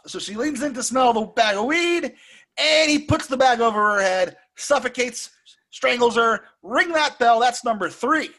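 A man co-hosting a podcast, recapping a film in a casual, jokey way and slipping into squeaky impressions. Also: measured pace. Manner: animated storyteller who puts on squeaky impressions; jokey, laughs often. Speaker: podcast co-host.

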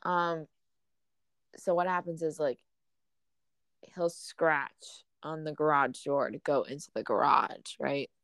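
Low-voiced young woman telling a story. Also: slow pace, long pauses, clear, resonant tone, no room sound. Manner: relaxed storytelling, many fillers. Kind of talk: casual chat.

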